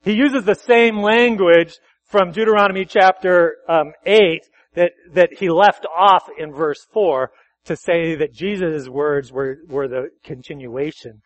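A pastor preaching a sermon at a church service, talking conversationally, correcting himself and asking the congregation questions. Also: male voice, fairly high pitch, a little slow, dry recording, highs cut off.

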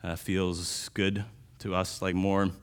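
Deep-voiced man preaching conversationally. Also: level tone, slow, smooth. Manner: conversational, with restarts and sudden louder emphasis. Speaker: pastor. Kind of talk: sermon.

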